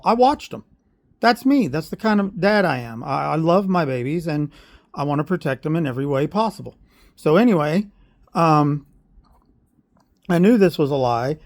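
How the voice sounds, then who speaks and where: A middle-aged man, a parent, telling his complaint in a personal video with earnest, halting speech full of fillers and a growing sense of grievance. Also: a little high. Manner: aggrieved, heats up when recounting.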